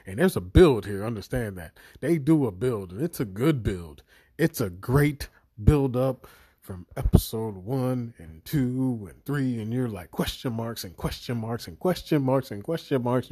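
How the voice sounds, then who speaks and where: Profane, animated man reviewing a series. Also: fairly low pitch, breathy edge, dry recording, clean studio sound. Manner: profane, animated storytelling with acted inner voices. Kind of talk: casual spoken review.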